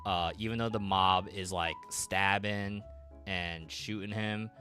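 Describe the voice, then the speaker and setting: Rambling low-voiced man with faint music. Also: steady tone, pushed and bright. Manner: rambling, quoting characters in quick voices, many fillers. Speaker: streamer. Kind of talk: casual recap while drawing.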